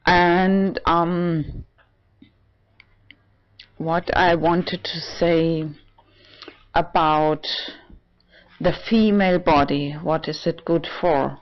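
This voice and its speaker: A tipsy female vlogger rambles through a personal monologue at home, slow and halting, with plenty of fillers, restarts and tangents. Her intonation is fairly even apart from shrill, high sarcastic flare-ups, and the recording sounds dull and lo-fi.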